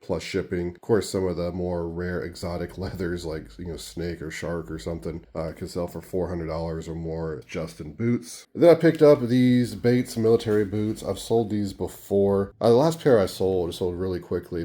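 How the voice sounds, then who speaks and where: Low, monotone man with a dark voice. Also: normal speed, few pauses. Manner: monotone, dry sarcasm. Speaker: reseller vlogger. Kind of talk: casual haul rundown.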